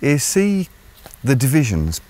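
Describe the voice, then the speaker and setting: A man's voice: medium pitch, huge pitch swings, measured pace, a little mellow. A man with an English accent giving opinionated solo commentary, rambling and hesitant with lots of fillers and blunt, sardonic asides. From England. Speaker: vlogger host.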